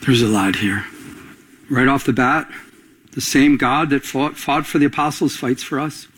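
A man's voice: medium pitch, fairly even intonation, normal speed, a bit bright, breathy edge. A middle-aged man preaching a sermon, calling out questions to the congregation and building to emphatic points. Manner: call-and-response preaching, rising to emphatic climaxes. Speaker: pastor.

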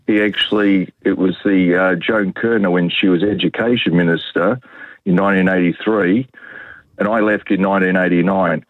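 A man's voice: low-pitched, steady tone, normal speed, no room sound. An Australian man calling into a radio show, firmly correcting a point about past events. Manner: firm, correcting the record. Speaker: caller. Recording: husky phone line.

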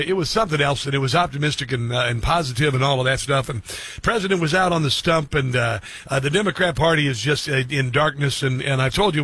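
Husky bright-voiced talk radio host. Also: male voice, fairly high pitch, no room sound. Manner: rambling, halting with fillers. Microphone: studio mic.

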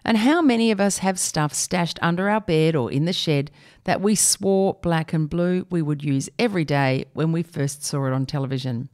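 Woman, humorous column read aloud, wry, lowish pitch. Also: moderate pace, darkish tone. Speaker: reader of a column.

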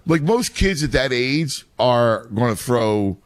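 A man's voice: medium pitch, big pitch swings, slow pace, no echo. A man, a youth baseball coach and father, talking casually and explaining game strategy with many restarts. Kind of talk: casual chat.

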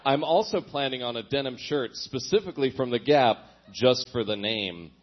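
A young man reads his old diary aloud for laughs, breaking off for self-mocking asides. His voice sits at a middle pitch and he chuckles often. The recording is dull and lo-fi. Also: lively intonation, normal speed, a little hiss or hum. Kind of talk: comic reading with asides.

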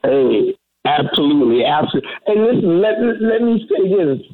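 A reverend with a notably high voice speaks earnestly as a guest on a call-in radio show. His delivery is heavy-hearted and halting, full of restarts. The sound is thin and tinny, coming down a phone line. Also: sing-song. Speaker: reverend and community advocate.

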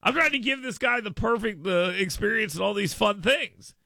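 A man's voice: high voice, animated, normal speed, gravelly, sharp tone, dry recording, clean studio sound. A man hosting a radio talk show, riffing emphatically with listeners in a casual monologue.

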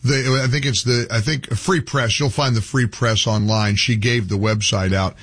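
A husky, medium-pitched man talks at normal speed as he hosts a talk radio show from a radio studio. He delivers an animated, heated rant of opinions, often tripping and restarting.

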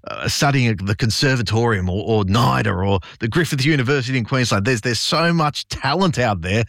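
A man's voice: mid-range voice, brisk, vocal fry, no room sound, clean studio sound. An Australian man, a community theatre performer, talking enthusiastically as a radio guest. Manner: enthusiastic, lively. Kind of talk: radio interview. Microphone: studio mic.

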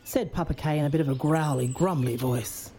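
Low-pitched female storyteller, gentle and expressive, children's book reading. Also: fast talker, slight background noise.

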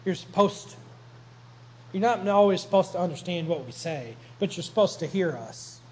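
A man's voice: sits high, expressive, moderate pace, darkish tone, low-quality recording. A man preaching a sermon to a congregation, retelling the story in a conversational, joking way. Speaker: pastor.

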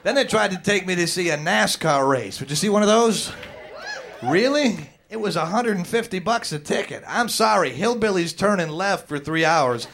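Standup guy ribbing the audience, quizzing them, slightly high voice. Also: lively intonation, moderate pace, creaky, a bit bright, slight background noise. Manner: quizzing the crowd, brash teasing. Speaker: stand-up comedian. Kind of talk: stand-up routine with crowd work.

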